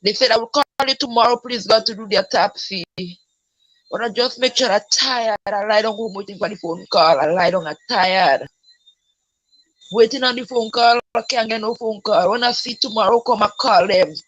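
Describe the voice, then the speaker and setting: A woman's voice: mid-range voice, normal speed, fairly bright tone, lo-fi sound. A woman telling her story as a grieving mother in an interview, talking in a repetitive, pleading way that breaks into tears and a raised voice. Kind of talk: emotional personal testimony.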